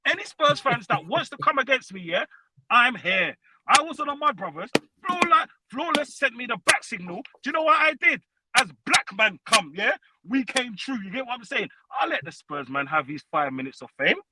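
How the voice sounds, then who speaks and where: A man calling in to a fan show, trash-talking loudly and profanely, peppering every line with tags like "you know what I'm saying". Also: extremely high pitch, very animated, moderate pace, very noisy. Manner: loud, profane trash talk with constant tags. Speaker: caller. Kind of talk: heated fan call-in rant.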